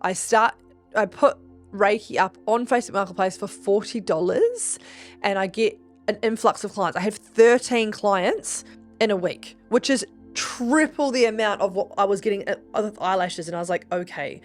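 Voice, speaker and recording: A woman hosting a podcast, telling a personal story in casual chat, animated and swearing often, acting out the quoted voices with big jumps in pitch. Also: moderate pace, faint music behind. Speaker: podcast host. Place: Gold Coast region.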